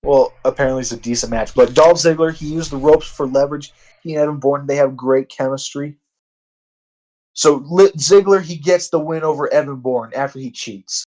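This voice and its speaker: A man's voice: a little high, moderate pace, a little mellow, low-quality recording. A man narrating a wrestling sim game in casual, profane, rambling commentary. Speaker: let's-play narrator.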